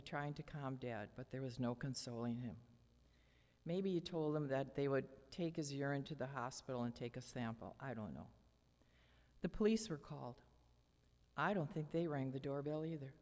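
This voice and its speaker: Standing at a church lectern, an older woman with a deep, low voice reads aloud from her personal memoir. She speaks in a measured, dramatic way, and long church-hall reverb lingers after each phrase.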